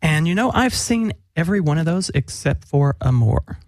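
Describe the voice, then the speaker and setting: A man's voice: on the high side, lively intonation, normal speed, darkish tone, dry recording. Dry-sounding man steering the chat. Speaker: podcast co-host. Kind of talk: casual chat.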